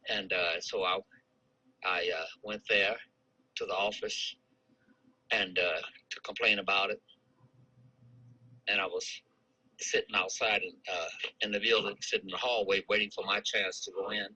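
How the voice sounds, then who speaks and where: A man's voice: low voice, steady tone, moderate pace, pauses often, bright, forceful tone, breathy edge, poor audio. A man in his eighties from St. Louis, recalling his army days in a life-story interview, rambling with many restarts and chuckles. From St. Louis, United States. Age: 80s.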